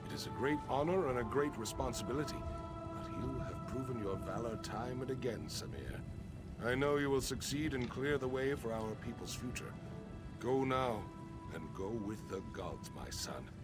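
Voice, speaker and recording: An actor playing a proud older desert king and father, giving grand, slow speeches in a video game. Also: mid-range voice, expressive, lightly acted. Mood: solemn. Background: game music.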